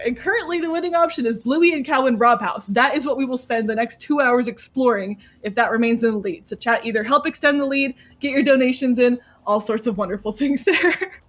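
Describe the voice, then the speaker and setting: A woman commentating a charity game stream, upbeat and giggly, talking to the chat. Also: sits high.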